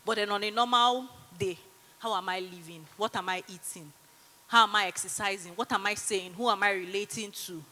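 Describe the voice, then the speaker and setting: A woman's voice: medium pitch, brisk, big-room sound. A Nigerian woman in her thirties giving a chatty motivational conference talk and leading a breathing exercise. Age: 30s. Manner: lively, chatty, teasing the audience. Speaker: conference speaker. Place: large conference hall.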